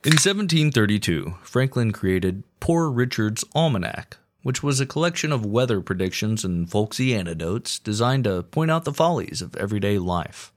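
A man's voice: on the low side, very animated, moderate pace, few pauses. A man hosting a podcast, telling history in a crude, irreverent comic way. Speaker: podcast host. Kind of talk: comedic history narration.

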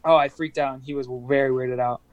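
A man's voice: mid-range voice, fairly even intonation, a little fast, a little mellow, highs cut off. A young adult man, a musician guest on a podcast, chatting casually and rambling with many fillers and restarts.

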